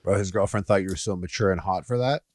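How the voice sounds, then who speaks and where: Slangy joking podcast co-host, dry sound. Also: male voice, low-pitched, fast talker, a little mellow, no room sound. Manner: slangy, joking, bro talk. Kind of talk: casual chat.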